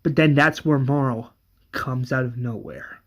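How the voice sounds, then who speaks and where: A man's voice: mid-range voice, unhurried. A man casually narrating a fan retelling, with loose, conversational phrasing.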